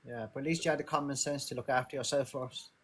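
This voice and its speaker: A man's voice: medium pitch, fairly even intonation, fast talker, slightly rough. A man chatting casually on a phone livestream, urging viewers to send gifts. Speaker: co-streamer.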